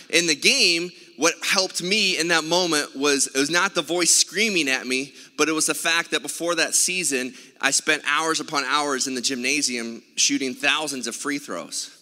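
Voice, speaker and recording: Bright-voiced male pastor in a reverberant hall. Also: on the high side. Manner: conversational storytelling, many filler sounds. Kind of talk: sermon. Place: church sanctuary.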